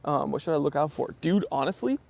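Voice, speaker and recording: A man's voice: on the high side, expressive, fast talker, gravelly, a little mellow. A young American man hosting a watch channel livestream, casually chatting and answering viewer comments in a laid-back, bro-ish way. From United States.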